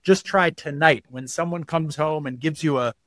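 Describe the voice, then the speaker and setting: A man's voice: a little high, normal speed, fairly bright tone, no echo. A man as an interview guest, explaining at length and acting out quoted voices as he tells stories. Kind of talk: podcast interview.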